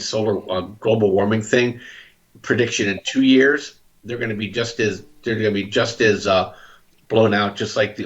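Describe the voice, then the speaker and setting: Low-voiced man discussing markets, lo-fi. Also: a bit bright. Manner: conversational, restarts and fillers, explains trades plainly. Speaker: market show host. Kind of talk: casual market commentary. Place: Southern California.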